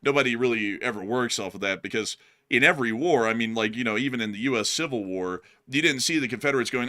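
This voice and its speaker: A man's voice: medium pitch, quick pace. A man hosting a live stream, chatting casually and joking as he reads out and answers viewer messages. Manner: joking, rambling, swings between loud and quiet. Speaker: host.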